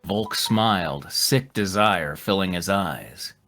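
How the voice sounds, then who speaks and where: A man narrating a live comedic fanfic reading in a plain, steady manner. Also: low voice, takes it slowly.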